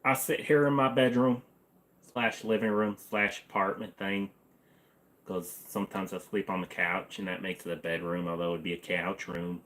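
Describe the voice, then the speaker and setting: A man's voice: low-pitched, steady tone, moderate pace, fairly bright tone, slight background noise. Rambling, joking man in his forties. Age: 40s. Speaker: livestream host. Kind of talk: casual livestream Q&A. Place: apartment bedroom-living room.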